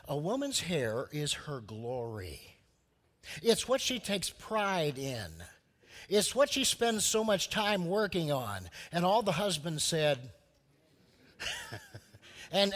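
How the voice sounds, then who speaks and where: A man preaching a sermon, telling a story with lively acted-out voices for its people. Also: sits high, long reverb tail. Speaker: pastor.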